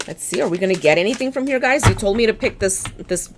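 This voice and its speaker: A woman's voice: mid-range voice, animated, fast talker, music in the background. A woman giving a casual tarot reading, blunt, chatty and encouraging, often restarting her sentences. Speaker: tarot reader.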